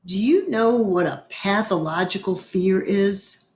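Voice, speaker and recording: Woman doing a calm, slow-spoken preacher. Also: medium pitch, echoey room, lightly acted. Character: gentle, sleepy middle-aged male preacher.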